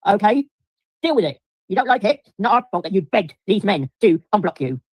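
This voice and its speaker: A woman's voice: mid-range voice, sing-song, brisk, darkish tone, slightly rough, no echo. A middle-aged woman, ranting angrily on a livestream, swearing constantly and repeating herself while answering viewers. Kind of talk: angry livestream rant to viewers.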